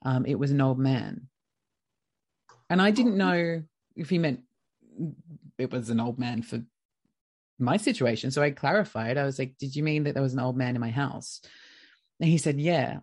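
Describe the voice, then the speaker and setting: Australian woman, podcast guest, lively storyteller who voices every quoted line. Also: very deep voice, moderate pace, long pauses. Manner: lively, acts out quoted dialogue. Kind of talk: casual storytelling.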